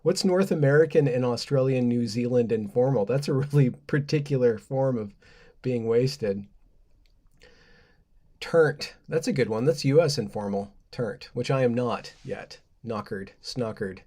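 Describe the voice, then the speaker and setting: A man's voice: medium pitch, measured pace, dark tone. A man hosting a casual livestream, rambling playfully, reading word lists aloud and laughing at his own asides. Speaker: livestream host.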